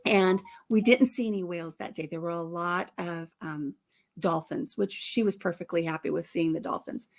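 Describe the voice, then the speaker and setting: A middle-aged woman hosting a casual chat, telling a family story in an animated way and acting out the voices. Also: fairly low pitch, normal speed. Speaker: host.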